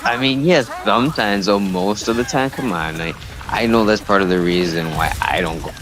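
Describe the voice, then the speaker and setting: A man who works as an EMT, venting in casual podcast chat, animated and swearing, full of "dude" and "bro". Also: fairly low pitch, normal speed.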